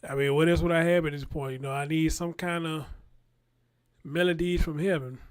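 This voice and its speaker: A man's voice: fairly high pitch, steady tone, fairly quick, clean tone. A man, rambling in casual live-stream commentary and talking straight to his viewers. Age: 40s.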